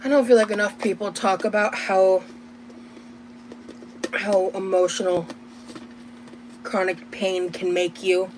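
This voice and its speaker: A woman vlogging to her chat, talking candidly and wearily, with halting restarts. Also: medium pitch, flat delivery, slight background noise, low-quality recording. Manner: candid, weary, slow and halting. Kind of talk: casual vlog talk to chat.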